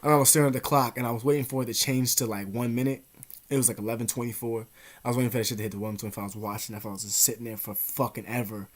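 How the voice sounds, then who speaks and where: A young man casually telling a story to his vlog audience, slangy and profane, animated, sometimes dropping to a whisper. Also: medium pitch, racing. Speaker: vlogger.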